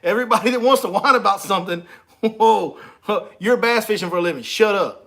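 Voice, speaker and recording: Man, fishing guide host, casual teasing livestream chat, slightly high voice. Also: brisk, vocal fry, pushed and bright. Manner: joking, teasing and laughing between lines.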